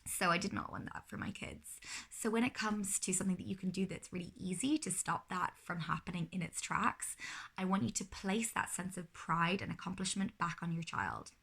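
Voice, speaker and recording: Gravelly-voiced mother giving parenting advice. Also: fairly low pitch, fairly even intonation, moderate pace, a bit bright. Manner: earnest, explanatory, with frequent self-corrections. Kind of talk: casual advice vlog.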